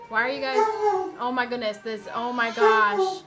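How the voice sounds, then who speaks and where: A woman streamer chatting casually with her viewers, bubbly and quick to thank them. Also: fairly high pitch, big pitch swings, very noisy. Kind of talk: casual livestream chat. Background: dogs barking.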